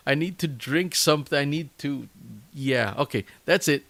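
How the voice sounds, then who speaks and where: Hosting his own podcast, a man rambles through a casual sign-off filled with fillers and self-mocking asides, his voice worn out after a long session. He speaks at normal speed with a fairly high, somewhat bright voice.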